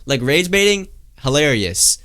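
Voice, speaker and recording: A man's voice: on the high side, very animated, a little slow, a bit bright. A young man streaming live, chatting casually and reading out viewer messages, rambling with lots of fillers and calling everyone "guys" and "bro".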